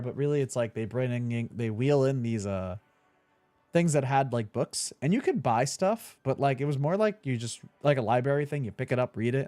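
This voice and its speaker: A man's voice: medium pitch, a little mellow, dry recording. A young man chatting casually while playing a video game, laughing easily and swearing now and then. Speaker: streamer. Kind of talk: casual let's-play commentary.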